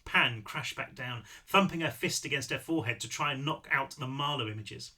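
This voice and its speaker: A man reading his own novel aloud, with lively delivery and casual asides. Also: mid-range voice, moderate pace. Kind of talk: audiobook read-through with asides.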